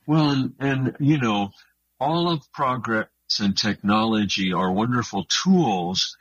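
Man, author guest, low, husky, dry close sound, dull muffled line, earnest reflective talk. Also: fairly bright tone, no room sound. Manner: earnest, thoughtful, unhurried. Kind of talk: reflective radio interview.

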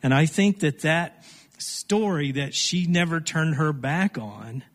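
A man's voice: a little high, slow, big-room sound. A man from Appalachia, an Appalachian studies scholar, speaking as a guest on a radio interview in an earnest, reflective way. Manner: reflective, earnest, occasional restarts.

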